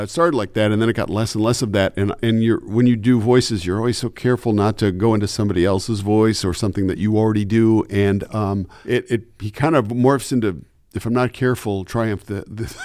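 A man who works as a radio announcer chatting as an interview guest in an animated way. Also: on the low side, brisk, no room sound, clean studio sound. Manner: animated, chatty, slips into voices. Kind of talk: casual interview chat.

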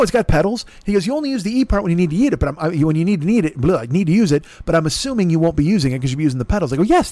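A man's voice: fairly high pitch, a little mellow, no echo. A middle-aged man rambling through a profane, self-deprecating story as a podcast host, acting out both sides of conversations. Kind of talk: casual storytelling monologue. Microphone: laptop recording.

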